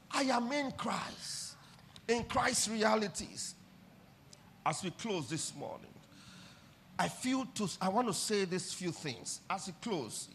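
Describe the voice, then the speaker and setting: A man preaching a sermon in church, his voice pitched very high and ringing sharp and bright. He leads the congregation in call-and-response with fervent energy, breaking into shouts for emphasis. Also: a little hiss or hum. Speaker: pastor.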